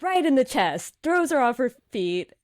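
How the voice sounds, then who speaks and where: A woman playing a tabletop game, describing her character's moves in an animated way. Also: high-pitched, unhurried, no room sound. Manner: animated, laughing narration of her character's actions. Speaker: player.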